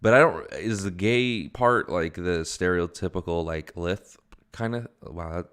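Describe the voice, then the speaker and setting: A man's voice: low voice, unhurried, a bit bright, clean tone. A young man giving a casual read-along of a webcomic, commenting as he goes in a rambling, amused way that keeps interrupting itself. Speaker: webcomic reader.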